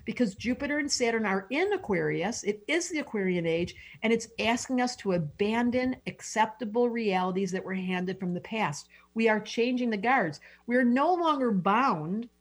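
A woman's voice: fairly high pitch, lively intonation, moderate pace, few pauses. A middle-aged woman, an astrologer guest, talking effusively and emotionally in an interview, often restarting her sentences. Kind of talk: enthusiastic interview talk.

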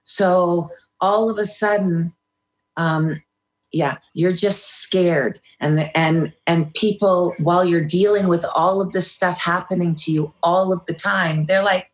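Candid middle-aged woman, low voice. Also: fairly even intonation, unhurried. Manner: candid, emotional recounting with hesitant restarts. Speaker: guest. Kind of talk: personal storytelling in an interview.

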